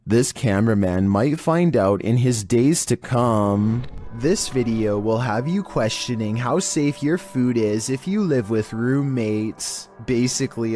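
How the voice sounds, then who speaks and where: Monotone man narrating a countdown. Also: medium pitch. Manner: monotone, even delivery. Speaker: host and narrator.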